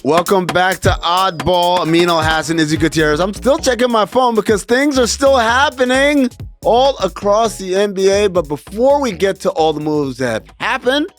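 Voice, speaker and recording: A man hosting a casual sports podcast, animated and jokey, slipping into playful voices. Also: high-pitched, normal speed, soft background music. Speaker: podcast host.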